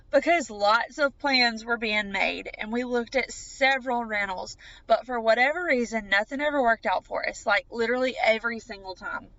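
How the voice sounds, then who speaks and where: A woman tells her own story on a podcast. Her voice is bright and a touch high, and she chats along in an easy monologue, full of "like". The audio is slightly muffled and lo-fi. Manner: chatty, peppered with "like". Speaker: podcast host.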